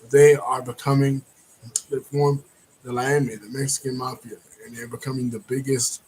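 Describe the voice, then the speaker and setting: A man at a mid-range pitch walks through a film's plot in a loose, rambling way. He clears his throat often and fills gaps with "you know". A faint background noise runs underneath. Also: a little mellow, low-quality recording. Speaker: movie reviewer. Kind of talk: casual plot recap.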